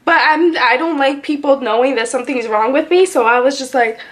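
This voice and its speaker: Young woman, high voice, animated, casual, storytelling, filler-heavy. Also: brisk. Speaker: vlogger.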